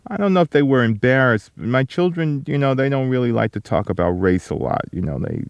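A middle-aged man answering interview questions slowly and reflectively, with many fillers and restarts. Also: medium pitch, very animated, vocal fry, no echo, lo-fi sound. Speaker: interview guest, author.

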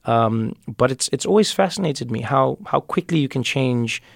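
Gravelly man in conversation. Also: mid-range voice, expressive, normal speed, no room sound, studio quality. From South Africa. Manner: reflective, repeats words while thinking. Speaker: guest, comedian and author. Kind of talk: conversational interview.

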